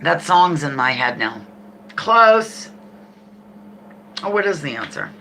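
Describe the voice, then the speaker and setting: A middle-aged woman hosting a live trivia game, reading questions slowly and chatting and laughing with viewers. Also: deep voice, very animated, fairly bright tone, slight background noise.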